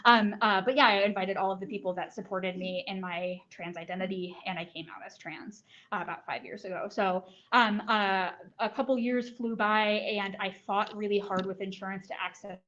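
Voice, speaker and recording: A woman's voice: medium pitch, steady tone, moderate pace, hardly any pauses, fairly bright tone. A woman telling her personal story at a talk, earnest, with many ums and likes. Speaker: guest speaker. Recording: dull lo-fi recording.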